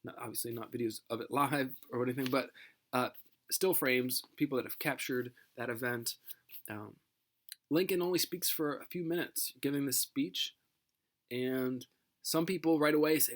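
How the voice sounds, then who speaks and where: A man gives a history lesson in an easy, conversational voice, often stopping on fillers and starting his sentences over. His voice sits at an ordinary middle pitch, neither deep nor high. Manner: conversational with many fillers and restarts; reads a famous speech aloud in a measured voice. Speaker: teacher. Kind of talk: recorded history lecture.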